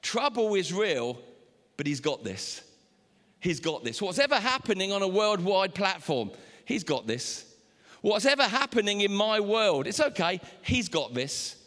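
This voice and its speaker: Male pastor, fairly high voice, lively sermon delivery, long hall echo. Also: unhurried. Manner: animated preaching with sudden high pitch jumps.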